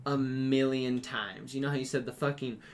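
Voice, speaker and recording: A man's voice: medium pitch, steady tone, moderate pace. A laid-back man hosts a podcast in a casual chat, with a mid-range voice. He fills his talk with "um" and "I mean" and swears now and then. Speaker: podcast host.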